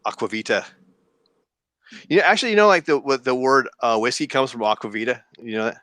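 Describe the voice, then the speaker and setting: A man's voice: medium pitch, big pitch swings, fast talker, fairly bright tone, no room sound. A man joking and rambling in a casual online group voice chat. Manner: joking, rambling, puts on accents. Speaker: chat room participant.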